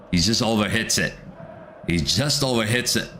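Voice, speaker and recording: A man's voice: lowish voice, very animated, normal speed, bright, forceful tone, a little hiss or hum. Man hyping a live match to chat. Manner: repeats phrases, urges chat, erupts when a goal goes in. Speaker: watchalong streamer.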